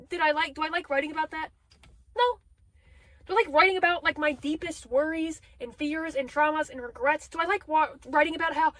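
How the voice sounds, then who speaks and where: A young woman with a high voice rambles through a casual confessional video diary. Her delivery is animated and loose, and she swears freely and jumps between thoughts. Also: fast, no room sound. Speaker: video diarist.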